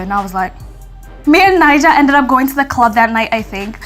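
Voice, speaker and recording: A young woman casually telling a story to her viewers, chatty and animated, acting out what people said. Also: a little high, fast, faint music behind. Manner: chatty, animated, acts out quotes, frequent "like".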